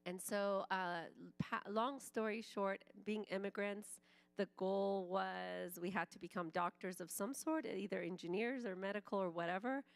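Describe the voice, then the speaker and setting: A woman's voice: mid-range voice, fairly even intonation, moderate pace, vocal fry, clear, resonant tone, no room sound. A woman in her forties, raised in Iran and a native Farsi speaker, tells her testimony at church in a chatty storytelling way. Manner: conversational storytelling, frequent "like", acts out quoted speech.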